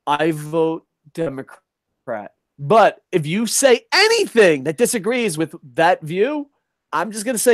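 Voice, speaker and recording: A young adult man hosting a casual chat show, ranting in an animated, profane way. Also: sits high, measured pace, dry recording, studio quality. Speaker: podcast host.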